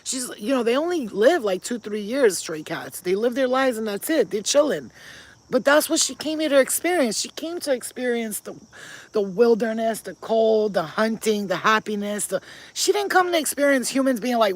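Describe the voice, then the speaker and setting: A woman's voice: a little high, expressive, normal speed, low-quality recording. A woman who is a spiritual healer, chatting casually and emphatically to her viewers while outdoors in a yard, swearing freely. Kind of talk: casual chat to camera.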